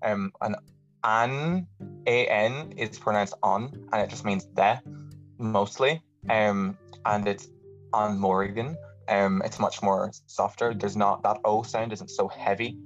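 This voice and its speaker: An Irish man chatting as a podcast guest, quick and animated, often restarting mid-sentence. His voice sits low. The audio is dull and lo-fi, with faint music underneath. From Ireland. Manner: animated, talks fast with many restarts. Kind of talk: casual podcast chat.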